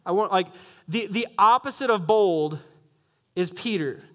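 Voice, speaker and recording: A man preaching a sermon as pastor, animated and jokey, often restarting sentences and making wry asides. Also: high-pitched, unhurried.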